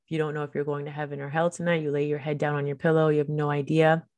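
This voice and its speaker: A woman's voice: low-pitched, level tone, racing, a little mellow, no room sound. A woman hosting a faith podcast, preaching in a fervent, emphatic, conversational way.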